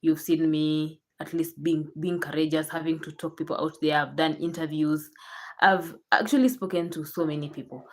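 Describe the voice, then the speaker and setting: Young Kenyan woman, low voice, chatty vlogger who repeats herself and restarts. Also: little pitch movement, moderate pace, slight background noise. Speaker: YouTuber. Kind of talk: casual chat to camera.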